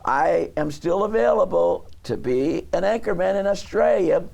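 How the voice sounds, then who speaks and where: A man rambles as a talk show guest in a TV studio, stopping and restarting as he hunts for words. His voice is gravelly with fry and sits a bit high for a man. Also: expressive, a little mellow. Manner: halting, searching for words, many restarts.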